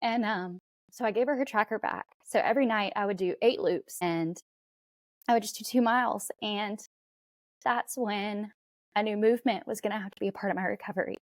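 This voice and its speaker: A woman guest on a podcast interview, speaking in a reflective, earnest way with soft fillers. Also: mid-range voice, a little fast, no echo.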